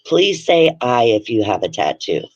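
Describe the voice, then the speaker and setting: Speaking unhurriedly in an extremely low voice, this animated woman tells blunt, profanity-laced stories in a chatty way on her home livestream. The sound is dull, dry, lo-fi and echo-free.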